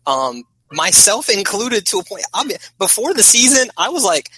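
A man's voice: sits high, sing-song, normal speed, hardly any pauses, sharp tone, husky, no echo, rough recording. A man talking as a podcast guest in casual chat, a rambling, opinionated sports fan.

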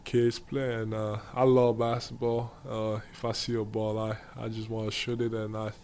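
A man with an African accent, answering interview questions casually and pausing often to find his words. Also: lowish voice, completely flat delivery, darkish tone, slight background noise. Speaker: guest basketball player.

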